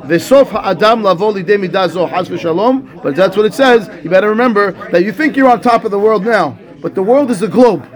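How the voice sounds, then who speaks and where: A man teaching a Torah class as a rabbi, animated, acting out dialogue and reading Hebrew texts. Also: sits high.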